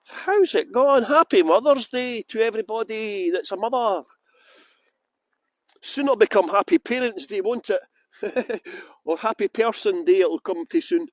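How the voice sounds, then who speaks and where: A man's voice: high-pitched, measured pace, no room sound. A Scottish man guiding a live-streamed walking tour outdoors in a garden, greeting viewers by name with jokey, self-mocking banter. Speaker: tour guide.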